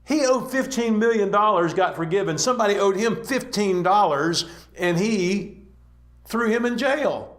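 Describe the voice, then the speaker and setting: A man preaching an earnest, conversational sermon, slowing down to urge his listeners. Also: high voice, expressive, fairly bright tone. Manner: earnest, conversational, slows to exhort. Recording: roomy echo.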